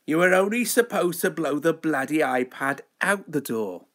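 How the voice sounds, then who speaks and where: A man doing a rough impression of an older male film star, clipped and mock-stern. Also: a little high, expressive, normal speed, a bit bright. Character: gravelly older British movie star, male.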